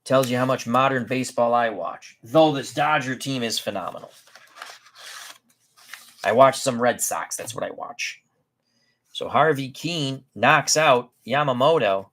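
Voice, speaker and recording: Man, tabletop baseball play-by-play, unhurried, chatty, mid-pitched voice. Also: fairly bright tone. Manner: chatty, unhurried, self-correcting. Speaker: tabletop baseball game host. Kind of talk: play-by-play commentary of a dice baseball game.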